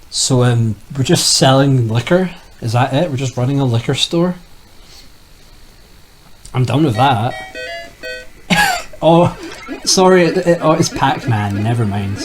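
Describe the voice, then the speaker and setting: A man's voice: medium pitch, animated, measured pace, pauses often, music in the background, low-quality recording. A young man giving casual, jokey commentary as he plays retro games, rambling and talking to himself. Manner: rambling, jokey, talks to himself while playing. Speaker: retro gaming youtuber.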